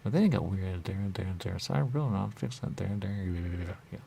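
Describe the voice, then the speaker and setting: A man's voice: low voice, expressive, moderate pace, vocal fry, dark tone, slight background noise. A man talking on in a rambling, repetitive monologue as a radio show host, looping back to the same catchphrases.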